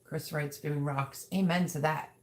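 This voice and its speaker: A woman's voice: sits low, steady tone, measured pace, a little mellow. A woman hosting a casual livestream, chatty and gushing as she reads out viewer comments. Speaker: livestream host.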